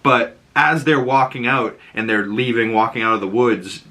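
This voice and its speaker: Young Boston guy, bright and forceful, chatty TV recapper who leans on "you know.". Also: medium pitch, moderate pace. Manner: animated, lots of "you know". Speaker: TV recap host. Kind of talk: casual recap.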